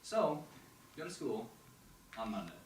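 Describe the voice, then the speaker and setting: Young male open mic storyteller, animated, acts out inner voices; distant mic in a reverberant hall. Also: medium pitch, moderate pace, background noise. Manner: animated second-person narration with acted-out inner voices. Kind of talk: spoken storytelling on stage. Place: performance hall with audience. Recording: echoey hall, distant mic, faint ambience.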